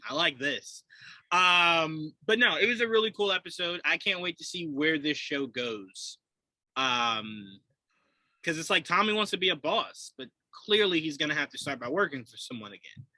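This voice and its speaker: A man co-hosting a podcast in casual chat, animated and laughing often as he acts out quotes. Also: a little high, normal speed, no room sound, poor audio. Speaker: podcast co-host.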